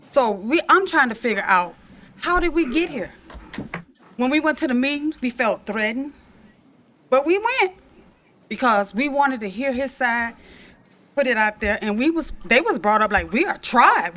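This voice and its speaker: A middle-aged woman from Michigan stands at the podium of a city commission meeting and makes her case with passion, hammering her points by repeating them. Her voice sits high and rings bright and forceful. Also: a little hiss or hum. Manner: impassioned, repeats phrases for emphasis. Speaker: resident giving public comment. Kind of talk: public comment speech.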